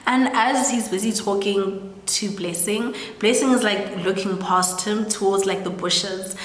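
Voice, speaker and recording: Speaking at a measured pace in a steady, mid-range voice, a South African woman hosts a storytelling recap over slight background noise. She's chatty, leans on "like" a lot, and acts out what each character said, with the echoey room adding long reverb.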